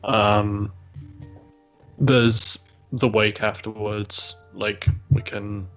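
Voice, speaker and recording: Slow hesitant man running a game. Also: fairly low pitch, flat delivery, a bit bright, faint music behind, low-quality recording. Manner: hesitant, many fillers and restarts. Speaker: game master. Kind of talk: narrating a tabletop game.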